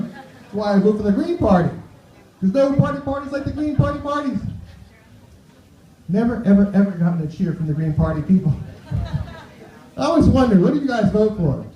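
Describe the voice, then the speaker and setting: A man's voice: high-pitched, lively intonation, fairly quick, pauses often. A man performing a stand-up set on a club stage, chatty, tossing asides to the crowd. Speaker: stand-up comedian. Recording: roomy, dull club recording.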